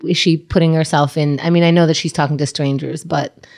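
A woman's voice: deep voice, fairly even intonation, a little fast, creaky, a little mellow. A woman in easy podcast talk who reacts with laughs and exclamations. She asks questions and comments lightly on the story she hears. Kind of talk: casual chat.

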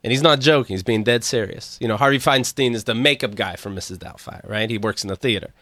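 A man's voice: mid-range voice, fast, pushed and bright, no echo. A man co-hosting a casual comedy podcast, telling anecdotes and mimicking his father. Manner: storytelling, mimics his dad, laughs often. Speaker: podcast co-host.

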